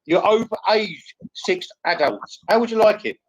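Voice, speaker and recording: A man's voice: high-pitched, lively intonation, normal speed, highs cut off, a crowd in the background. A man hosting a live online call, arguing combatively, interrupting and repeating himself. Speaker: live stream host. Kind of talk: heated live stream argument.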